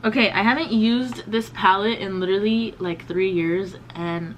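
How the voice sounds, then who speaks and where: A woman's voice: medium pitch, fairly even intonation, moderate pace, slight background noise, poor audio. A young woman in her twenties, chatting casually and slangily as a beauty vlogger while doing her makeup. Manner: chatty, slangy, lots of "like" and "bro".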